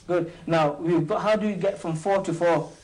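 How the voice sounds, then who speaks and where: A man hosting and teaching an informal maths lesson, quizzing a few students with quick questions and joking as he goes. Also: high-pitched, steady tone, darkish tone, rough recording. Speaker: maths teacher and show host.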